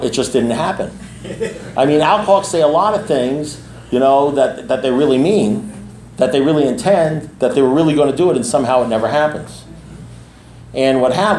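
A man's voice: medium pitch, a little mellow, slight background noise. Blunt, streetwise man in an echoey room. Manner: blunt, streetwise, repeats himself for emphasis. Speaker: recovery meeting speaker and sponsor. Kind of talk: recovery meeting talk. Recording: echoey room with faint ambience.

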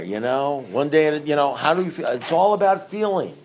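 A man's voice: a little high, big pitch swings, a little fast, slight background noise. A middle-aged man giving a rambling, conversational recovery talk to a group and asking his listeners questions. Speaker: speaker at a recovery meeting.

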